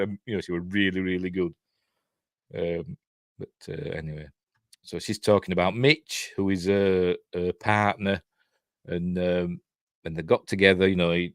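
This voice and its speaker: A man's voice: sits low, dry recording, clean studio sound. A man with a Yorkshire accent giving a casual, rambling film commentary full of trivia asides. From Yorkshire, England. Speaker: film reviewer.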